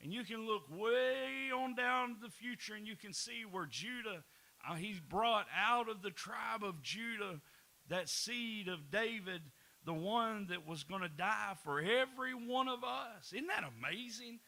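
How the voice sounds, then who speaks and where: Pastor, man, high bright voice, folksy preaching with chuckles. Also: expressive, a little slow, vocal fry, low-quality recording. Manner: folksy preaching with laughs and repeated words. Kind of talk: sermon.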